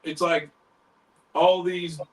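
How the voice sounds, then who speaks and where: A man's voice: high voice, takes it slowly, recorded from a distance, rough recording. A man hosting a paranormal talk stream, telling a story in casual chat and acting out what others said, with the odd swear. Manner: animated, retells others' words in quotes, swears casually. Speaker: paranormal podcast host.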